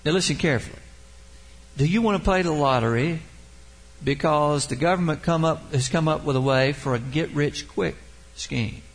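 Earnest male preacher, slightly high voice. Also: poor audio. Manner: earnest preaching, slows down to stress key words. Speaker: pastor. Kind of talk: sermon.

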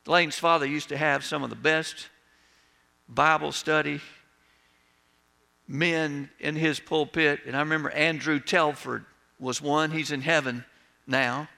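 Man preaching, slow emphatic sermon, gravelly bright voice, long hall reverb. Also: on the high side, steady tone. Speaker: pastor.

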